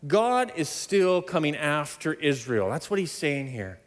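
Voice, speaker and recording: A man preaching a sermon, emphatic and animated, often laughing between points. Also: unhurried. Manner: animated, emphatic preaching with sudden loud high stresses. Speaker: pastor. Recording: long hall reverb.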